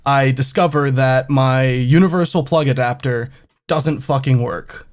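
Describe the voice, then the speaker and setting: A man's voice: mid-range voice, fairly even intonation, unhurried. A man co-hosting a comedy podcast, telling a travel story in a rambling, profane, exasperated way. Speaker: podcast co-host.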